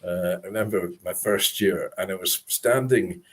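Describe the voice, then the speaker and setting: A man's voice: low-pitched, normal speed, breathy edge. A Scottish man telling chatty, self-deprecating stories as a guest on a video-call interview. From Scotland. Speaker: guest author and speaker. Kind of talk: casual interview chat.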